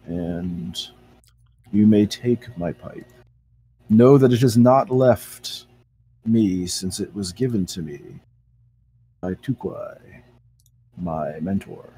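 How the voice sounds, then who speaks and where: A man voicing a devout male turtle adventurer in a tabletop game, speaking formally and slowly. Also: fairly low pitch, animated, vocal fry, dark tone, slightly rough, heavily acted. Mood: solemn. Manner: formal, measured, slow.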